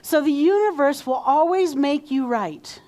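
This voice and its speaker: A woman minister with a high, mellow, animated voice delivers a conversational sermon a little slowly. At times she acts out the way people talk to themselves.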